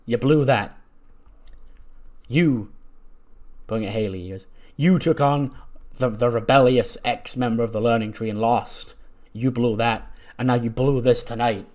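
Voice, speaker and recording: Man doing a sneering wrestling mentor, loud and raised a bit in pitch, in his own easy voice. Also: measured pace, pauses often, natural voice. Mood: scornful. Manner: scornful, lecturing. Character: smug arrogant male wrestling teacher.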